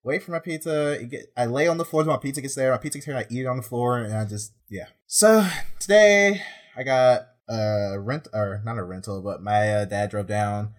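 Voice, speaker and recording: Young man, rambling deadpan storyteller, fed up with his day. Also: mid-range voice, a little fast. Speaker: prison officer. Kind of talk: casual storytelling chat.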